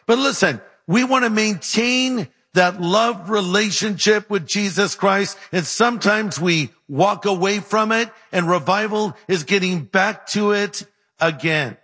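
Bright-voiced pastor preaching in a hall. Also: male voice, high voice, a little slow, breathy edge. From California. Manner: animated, humorous storytelling. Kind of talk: sermon with storytelling. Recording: reverberant hall sound.

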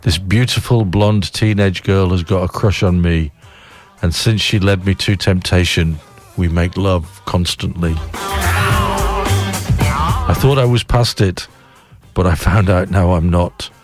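A man voicing a cheeky, gruff old man of about eighty-two, read aloud as a poem. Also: deep voice, steady tone, unhurried, long pauses, soft background music. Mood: confessing. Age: 80s.

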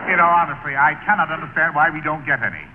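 A man's voice: fairly high pitch, fast talker. A man with a fussy, theatrical manner, a guest in a 1940s radio comedy. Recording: tinny, hissy old radio broadcast.

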